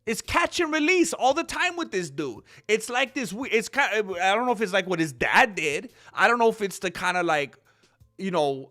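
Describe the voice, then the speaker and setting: Brief: high, lively male voice, bright and forceful, heated solo commentary host. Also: normal speed. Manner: heated, animated, acts out quoted voices.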